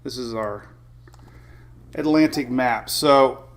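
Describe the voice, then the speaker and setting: A man's voice: mid-range voice, slow. A man hosting a weather livestream in a casual, chatty way, greeting viewers by name and laughing often.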